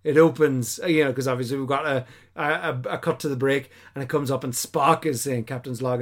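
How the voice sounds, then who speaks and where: A man hosting a casual podcast chat, animated and acting out quotes in silly voices. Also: medium pitch, fairly quick. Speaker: podcast host.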